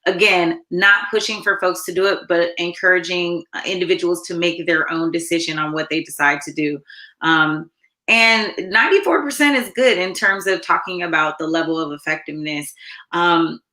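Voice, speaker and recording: A woman co-hosting a talk show, explaining things in a lively way with plenty of fillers. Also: fairly low pitch, moderate pace, roomy sound. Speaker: co-host.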